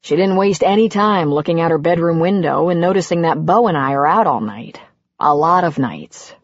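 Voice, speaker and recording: A woman reading an audiobook and voicing a gentle, self-deprecating older man who speaks softly. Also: lowish voice, animated, moderate pace, no echo, highs cut off. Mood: wondering, gentle. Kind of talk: audiobook character voice.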